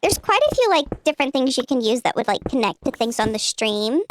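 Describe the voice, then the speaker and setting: A woman's voice: big pitch swings, fairly quick, a little hiss or hum. A woman streamer talking through a voice changer set to a cutesy uwu voice, bubbly and rambling. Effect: pitched-up voice changer.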